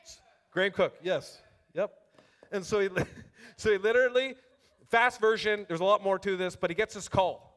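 High-voiced animated male preacher. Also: normal speed. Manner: animated, conversational, addresses congregation directly; reads scripture aloud with rising emphasis. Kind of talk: sermon.

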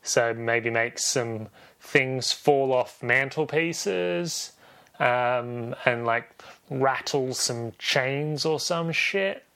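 Man, podcast host, casual film recap, rambling, self-correcting, jokey, mid-pitched voice. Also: drawn-out words, vocal fry, pushed and bright.

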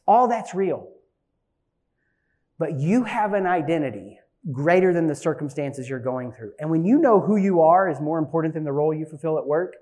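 A man in his forties preaching a sermon, an animated storyteller who swings from loud bursts to hushed asides. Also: on the high side. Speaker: pastor.

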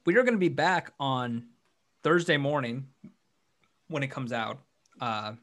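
Casual sports-podcast host, male, mid-pitched, rambling, restarts a lot, hiccuping. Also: animated, measured pace, a bit bright. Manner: rambling, restarts often, upbeat.

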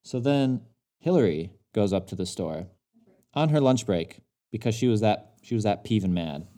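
A man's voice: fairly low pitch, normal speed. A man co-hosting a podcast, telling a story in casual chat and getting worked up as he goes. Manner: animated, gets worked up, mimics others in his story. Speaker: podcast co-host.

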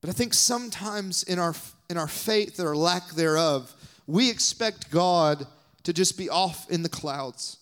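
A young man from the Southern US preaches with a Southern accent, pressing hard on his points in a slightly raised voice. He drops suddenly into hushed whispered asides. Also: sits high, measured pace, clean tone. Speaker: guest preacher. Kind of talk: sermon.

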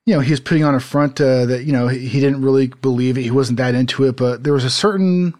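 A man's voice: mid-range voice, fast talker, a little mellow. A man chatting casually as a podcast co-host. He rambles, with many fillers and restarts, and he laughs easily. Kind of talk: casual chat. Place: home, desert city.

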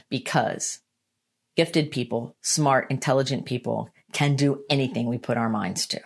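A woman giving a motivational self-help talk, earnest and emphatic, repeating her key lines and slowing down to stress them. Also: a bass voice, creaky, breathy edge. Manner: slows down to stress points. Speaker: motivational speaker.

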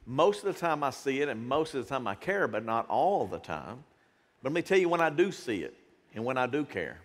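Lively pastor preaching in a hall. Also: male voice, mid-range voice, a little fast. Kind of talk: sermon. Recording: reverberant church hall.

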